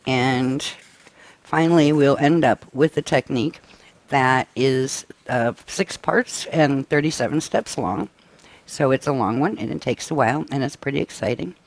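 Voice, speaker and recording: Tired coughing man giving a briefing. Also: medium pitch. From United States. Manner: halting, frequent restarts and throat clearing; tired, up all night. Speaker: workshop presenter. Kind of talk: live-stream workshop briefing.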